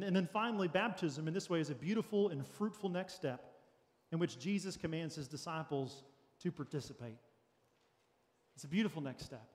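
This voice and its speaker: Earnest pastor in a reverberant church. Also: male voice, on the high side. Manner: earnest, practical, lightly joking with congregation. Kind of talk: sermon. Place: church sanctuary.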